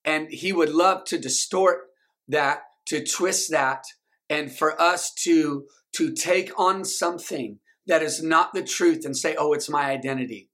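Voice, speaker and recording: Man preaching a sermon, call-and-response, bright fairly high voice. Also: takes it slowly. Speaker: pastor.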